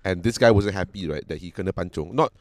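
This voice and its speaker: A man's voice: deep voice, fast, no room sound. Malaysian man telling stories. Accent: Malaysian English. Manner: animated storytelling, lots of laughing. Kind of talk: casual podcast chat.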